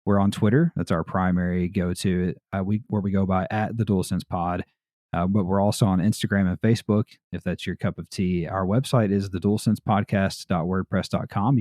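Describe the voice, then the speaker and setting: A man's voice: low-pitched, a little mellow, dry recording, clean studio sound. A man with an American Southern drawl hosting a podcast in a laid-back, rambling way, with plenty of fillers and laughs. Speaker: podcast host. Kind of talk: casual podcast chat.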